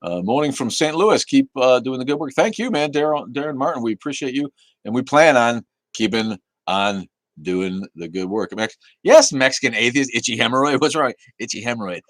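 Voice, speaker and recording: A man's voice: medium pitch, animated, normal speed, no echo. A man hosting a casual livestream, reading chat aloud in a laid-back, easygoing way, cursing casually and laughing often.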